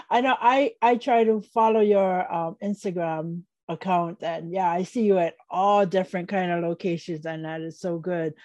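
A woman's voice: on the low side, fairly even intonation, no room sound. Older woman host, encouraging and dry. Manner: warmly encouraging, quick to affirm with short responses. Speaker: podcast host. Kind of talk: casual conversational interview.

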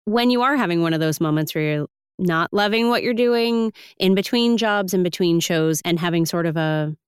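A woman's voice: lowish voice, moderate pace, smooth, no echo, clean studio sound. A woman hosting an interview podcast, affirming and enthusiastic toward her guest. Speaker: podcast host. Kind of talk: conversational interview.

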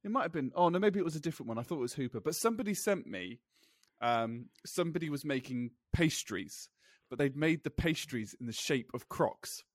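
A man hosting a podcast in casual chat, laughing often and talking quickly. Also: fairly high pitch, expressive, no room sound, studio quality. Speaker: podcast host.

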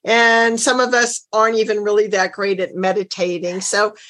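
A woman's voice: medium pitch, little pitch movement, normal speed, a bit bright. A woman hosting a casual interview, affirming her guest and drawing her out with questions. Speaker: host.

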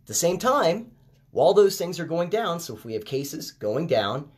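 A man hosting a casual commentary podcast, talking conversationally and getting animated when he makes a point. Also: fairly high pitch, normal speed. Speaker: podcast host. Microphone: headphones with phone recording.

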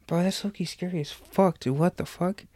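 A man's voice: sits high, fairly even intonation, a little fast, darkish tone, no room sound. A young man hosting a podcast, reacting with laid-back, profane banter in casual chat. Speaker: podcast host.

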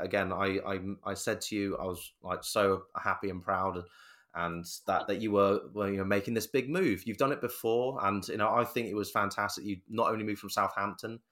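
A man's voice: lowish voice, a bit bright. A man hosting a casual podcast interview, speaking in a hesitant way with many restarts. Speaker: podcast host.

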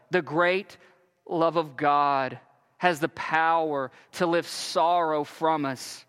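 A man preaching a sermon in a slow, earnest way with long pauses, reading and retelling scripture. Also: a little high, fairly even intonation, a bit bright, clear, resonant tone. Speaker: pastor. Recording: long hall reverb.

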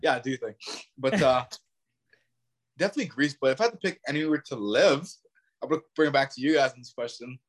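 A man's voice: medium pitch, brisk, long pauses. A young man from Ontario, a podcast guest musing in easygoing casual chat. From Ontario, Canada.

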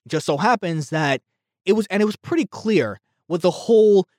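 A man's voice: high voice, lively intonation, normal speed, darkish tone, no room sound, studio quality. A man ranting casually about a movie, heated and rambling, with frequent stumbles and restarts. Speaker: movie reviewer.

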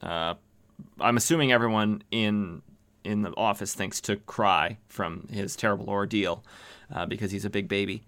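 A man's voice: lowish voice, normal speed, fairly bright tone. A man hosting a podcast, casually recapping an old comic with rambling, joking asides and lots of fillers. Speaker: podcast host.

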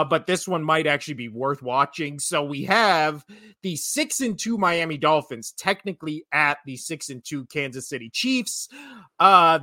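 A man's voice: on the high side, pushed and bright, no room sound, clean studio sound. A man in his thirties co-hosting a casual sports podcast, joking and rambling, laughing often. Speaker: podcast co-host.

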